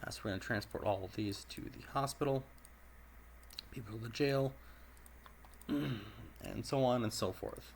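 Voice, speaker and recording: Man, mid-pitched and raspy, casual gameplay commentator who keeps clearing his throat. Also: unhurried, pauses often, a little hiss or hum. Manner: steady, methodical narration of each call. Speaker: game commentator. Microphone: personal desk microphone.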